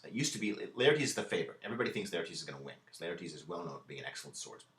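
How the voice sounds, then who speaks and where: Talking rapid-fire and very animated, a man retells a play in modern slang during a laid-back classroom lecture, repeating many words as he paraphrases the lines. His low, fairly bright voice carries a roomy echo from the lecture room.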